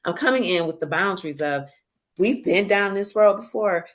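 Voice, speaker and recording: Here a woman guest on a podcast talks at a moderate pace in a mid-range voice. She's lively while recounting stories in easygoing conversation, impersonating the people she quotes and laughing along the way.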